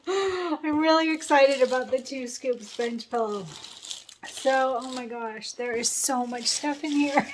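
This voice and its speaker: A woman's voice: high-pitched, measured pace, slight background noise. A woman hosting a sewing channel, gushing and laughing as she unboxes a sponsor's package. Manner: gushing, excited, laughs often. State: a little choked up. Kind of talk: unboxing vlog.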